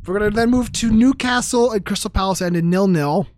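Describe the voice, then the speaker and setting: A man co-hosting a football podcast, briskly reading results with a joking, profane edge in casual chat. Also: high voice, darkish tone, no room sound, clean studio sound. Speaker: podcast co-host running through results.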